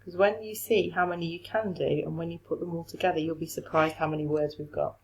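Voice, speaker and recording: Woman, lower voice, French teacher, recorded remote lesson, encouraging, step-by-step. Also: fairly even intonation, fast, creaky, darkish tone, rough recording.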